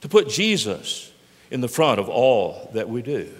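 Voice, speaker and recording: Older preacher in an echoing hall. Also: male voice, mid-range voice, big pitch swings, a little slow. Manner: emphatic, rhetorical questions. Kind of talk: sermon. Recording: echoey hall.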